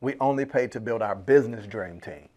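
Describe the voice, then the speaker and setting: A man hosting a business podcast in a casual, slangy, animated way, laughing often and acting out little asides. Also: medium pitch, fairly quick. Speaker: podcast host. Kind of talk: casual motivational podcast talk.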